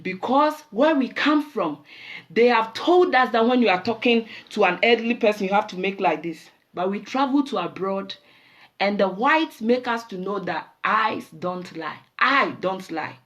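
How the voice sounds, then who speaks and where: A woman with a Nigerian accent hosting a show, telling animated stories in a casual monologue and slipping into pidgin. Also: mid-range voice, moderate pace, dull audio. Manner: animated storyteller mixing in pidgin. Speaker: show host.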